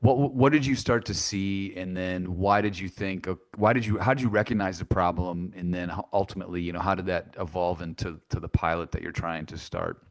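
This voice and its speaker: Deep-voiced rambling radio co-host man. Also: steady tone, a little fast, few pauses, no room sound. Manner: rambling, multi-part questions with fillers. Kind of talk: radio interview hosting.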